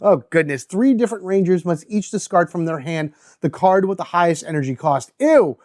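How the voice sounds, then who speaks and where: High-voiced man talking through a board game. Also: expressive, brisk. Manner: chatty, reads card text aloud, thinks out loud. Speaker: host. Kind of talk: solo board game playthrough commentary.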